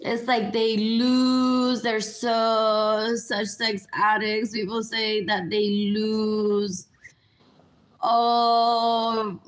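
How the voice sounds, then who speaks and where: A woman's voice: a little high, flat delivery, very slow. A woman talking to viewers in a rambling livestream monologue, repeating herself as she goes.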